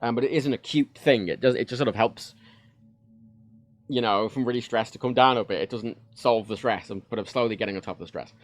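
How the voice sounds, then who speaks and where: A man's voice: medium pitch, quick pace. Rambling man streaming. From United Kingdom. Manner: rambling, frank, many fillers and restarts. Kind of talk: casual livestream chat. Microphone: desk microphone.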